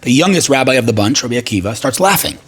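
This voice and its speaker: A man talking as a podcast guest in an emphatic, passionate way, arguing rapid-fire points and retelling stories. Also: medium pitch, lively intonation, husky. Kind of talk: passionate conversational talk.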